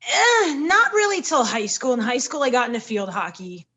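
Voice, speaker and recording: A woman, a pro wrestler, telling lively stories in a casual podcast interview and acting out the quotes. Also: fairly high pitch, moderate pace. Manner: lively storyteller, acts out quotes.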